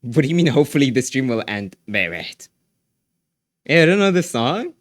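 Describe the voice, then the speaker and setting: A man's voice: medium pitch, sing-song, moderate pace, no echo, clean studio sound. A young man streaming live, chatting casually in a rambling, slangy way with lots of restarts.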